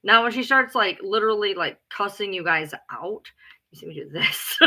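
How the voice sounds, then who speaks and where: A woman rants casually to her followers in a very bright, forceful voice. She is blunt and profane and hammers her points home by repeating them. She talks like the loud, take-charge person she says she is. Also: medium pitch, expressive, normal speed. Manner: blunt, profane and emphatic, often repeating herself; loud, self-described alpha female. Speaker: live streamer. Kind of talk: casual ranting chat.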